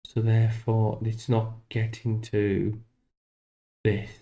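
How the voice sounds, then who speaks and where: A man streaming live while coding a game, thinking aloud in a halting, self-deprecating way. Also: fairly low pitch, completely flat delivery, dark tone, lo-fi sound.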